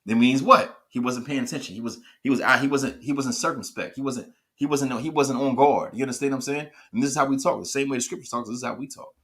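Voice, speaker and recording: A man leading a scripture class in a bright, forceful voice. He restarts his sentences often and keeps checking whether his listeners understand. His pitch sits in an ordinary middle range. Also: fast, few pauses. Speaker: class teacher.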